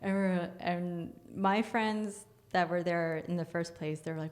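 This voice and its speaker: A woman's voice: on the low side, moderate pace, hardly any pauses. A woman guest, an energy healer, telling a story casually, acting out scenes and laughing often.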